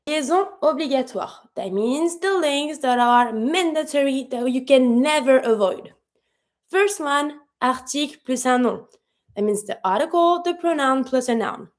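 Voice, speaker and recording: A woman, a native French speaker, teaching a pronunciation lesson in English, repeating example words slowly and patiently. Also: sits high. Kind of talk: language lesson explaining pronunciation.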